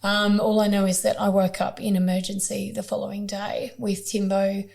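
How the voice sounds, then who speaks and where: An Australian woman speaks as a guest on a conversational podcast. She is candid and raw, her voice sitting at a middle pitch, and she drops in blunt swear words as she talks things through. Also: little pitch movement, moderate pace, creaky, darkish tone. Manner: frank and emotional, with blunt swearing.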